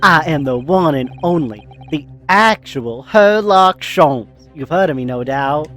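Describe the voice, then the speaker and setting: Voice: mid-range voice, lively intonation, a little slow, a bit bright, faint music behind. A game player voicing a pompous male detective in a game, with a grand, theatrical delivery. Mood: boastful.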